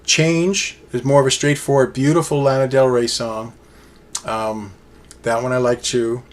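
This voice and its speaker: A man's voice: mid-range voice, flat delivery, measured pace. A man casually reviewing an album on his own, rambling enthusiastically with many fillers and restarts. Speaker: music reviewer.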